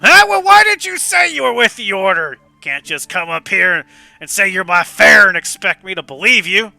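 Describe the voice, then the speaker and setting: A man voicing a gruff, impatient, hunchbacked old boatman who barks and shouts. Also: high voice, very animated, moderate pace, dry recording, faint music behind, exaggerated voice. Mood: grumbling. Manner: loud, cranky, shouting.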